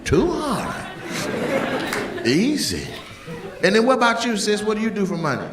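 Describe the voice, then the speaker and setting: High, lively male comic roasting the crowd. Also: fairly quick. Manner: teasing, loud, playful with frequent laughter. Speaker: stand-up comedian doing crowd work. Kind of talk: stand-up crowd work. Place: comedy club stage with audience. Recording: live club audio with audience noise. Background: audience laughter.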